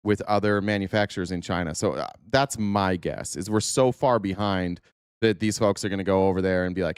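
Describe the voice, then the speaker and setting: A man's voice: sits low, fairly quick, clean tone, dry recording, clean studio sound. A man hosting a livestream, reacting to a video with rambling, profane, laughing asides. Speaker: streamer host reacting to a video. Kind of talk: casual livestream commentary.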